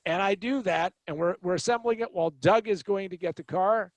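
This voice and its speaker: A middle-aged podcast host tells a story with animated, sardonic timing. His voice sits high and has a gravelly edge. The recording is dry and close, with no room sound. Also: normal speed, few pauses, no room sound. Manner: animated storyteller, wry and sarcastic. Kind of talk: storytelling anecdote.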